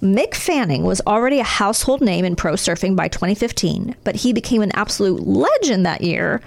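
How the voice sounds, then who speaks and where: Brief: chatty female podcast host, very expressive pitch, playful storyteller. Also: a little fast, gravelly. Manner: jokey, animated storyteller. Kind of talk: casual chat.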